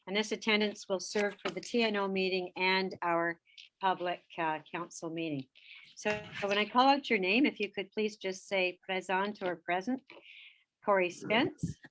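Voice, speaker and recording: A woman's voice: mid-range voice, a bit bright. Woman chairing a video-call council meeting. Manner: brisk, polite roll call with fillers.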